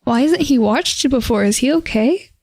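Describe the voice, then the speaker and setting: Dry-witted female co-host, slightly high voice. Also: animated, moderate pace, darkish tone, no echo. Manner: dry teasing quips. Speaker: podcast co-host. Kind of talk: casual podcast chat.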